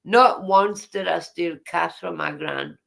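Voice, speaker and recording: A woman's voice: lowish voice, takes it slowly, vocal fry, a bit bright. A woman, casually reading her memoir aloud and breaking off for chatty, teasing asides.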